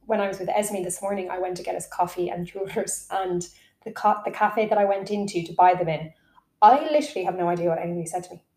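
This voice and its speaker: A woman hosting a podcast interview, relaxed and conversational, asking open questions. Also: fairly low pitch, fast talker. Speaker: podcast host. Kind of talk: casual interview chat. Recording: echoey room.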